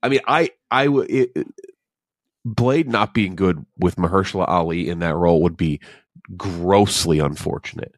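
A man's voice: sits low, normal speed, no room sound, clean studio sound. A man co-hosting a casual movie podcast, rambling through opinions with frequent restarts. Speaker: podcast co-host.

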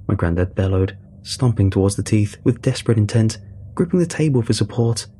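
A man narrating a first-person story in a measured, dry way. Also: lowish voice, animated, warm tone, a little hiss or hum.

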